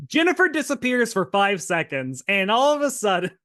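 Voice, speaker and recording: A man co-hosting a podcast, recapping a TV episode in casual chat, animated and laughing as he acts out the characters' lines. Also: high voice, moderate pace, no room sound, studio quality. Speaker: podcast co-host.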